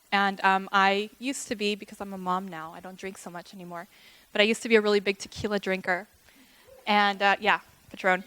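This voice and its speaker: A woman's voice: medium pitch, pushed and bright, clean tone, no echo. A woman giving an emotional, chatty wedding toast for her sister, close to tears and acting out remembered dialogue. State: tearful.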